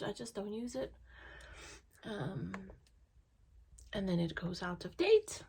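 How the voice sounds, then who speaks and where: Brief: woman vlogger, ill and short of breath, gravelly voice, slow halting delivery. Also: mid-range voice, slight background noise. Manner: halting, with many pauses and fillers. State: out of breath and coughing from illness. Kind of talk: casual vlog chat. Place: indoors at a dressing table.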